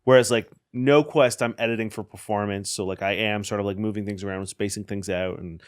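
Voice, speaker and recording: Rambling low-voiced podcast guest man. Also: steady tone, brisk, smooth. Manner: rambling, repeats words when starting. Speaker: podcast co-creator guest, editor. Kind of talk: casual conversation.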